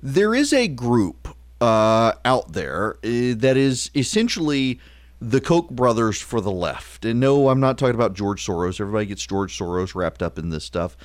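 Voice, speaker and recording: A man hosting a call-in talk radio show, sarcastic and quick, full of uh fillers. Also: medium pitch, big pitch swings, no room sound.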